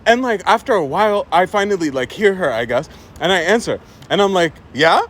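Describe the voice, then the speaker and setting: Sex: man. Origin: Egypt. Style: casual storytime vlog, chatty, full of "like" and "right?". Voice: high, swooping pitch. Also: brisk, slight background noise. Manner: chatty, animated, heavy use of "like" and "right?".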